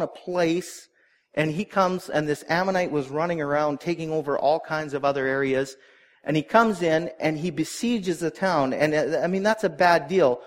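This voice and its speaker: A man preaching a sermon, retelling a Bible story in a conversational way and briefly acting out the characters' lines. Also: on the high side. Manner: conversational storytelling, acts out voices. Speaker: pastor.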